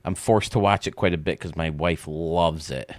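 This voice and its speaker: A man's voice: rumbling low, moderate pace, no echo. A man hosting a live stream, chatting casually and ranting bluntly, often restarting his sentences.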